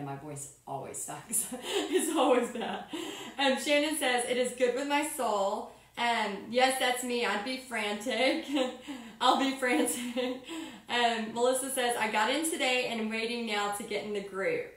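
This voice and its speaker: A woman's voice: a little high, distant mic. A woman with a Texan accent chatting casually on a live painting stream from her home art studio, upbeat and reading viewer comments aloud. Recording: roomy echo, voice a bit off-mic.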